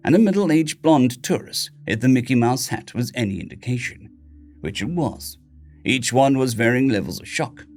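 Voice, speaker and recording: A man's voice: mid-range voice, darkish tone. A man steadily narrating a science fiction short story. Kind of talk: scripted sci-fi story narration.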